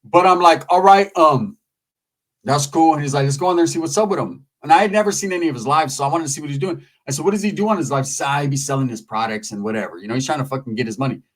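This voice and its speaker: A man in a casual commentary monologue, talking freely and with a lot of profanity. His voice sits a little higher than most men's. Now and then he jumps into loud, high-pitched impressions of other people. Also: quick pace. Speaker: YouTube commentator.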